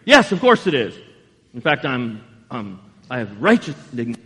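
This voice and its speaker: A man's voice: mid-range voice, a little fast, husky, big-room sound, voice pushed down. A man voicing an angry, self-righteous male prophet who insists he is right. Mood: indignant. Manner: indignant, insistent.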